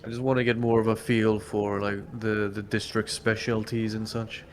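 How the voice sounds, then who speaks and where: A man's voice: lowish voice, little pitch movement, normal speed. A man playing a tabletop game, making dry, wry jokes in character. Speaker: player.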